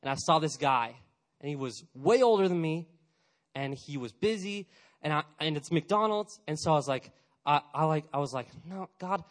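A young man in his twenties giving a casual, energetic youth sermon, chatty and full of fillers, acting out little quotes. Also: a little high, normal speed. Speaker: youth pastor.

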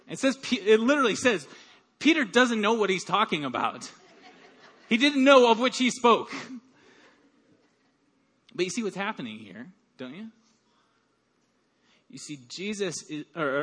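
Animated male pastor preaching. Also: high-pitched. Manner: animated, acts out quoted voices. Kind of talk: sermon.

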